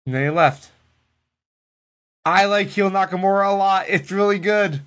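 A man co-hosting a casual podcast, retelling wrestling in a loose, profane, animated way. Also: sits high, moderate pace, pauses often. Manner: animated, profane storytelling that acts out the people it quotes. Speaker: podcast co-host recapping wrestling. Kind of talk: casual chat.

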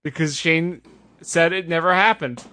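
A man hosting a casual podcast, recapping events in an animated, sarcastic way. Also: on the high side, unhurried, a little hiss or hum. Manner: animated, sarcastic retelling with put-on voices. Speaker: podcast host. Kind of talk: casual wrestling recap chat.

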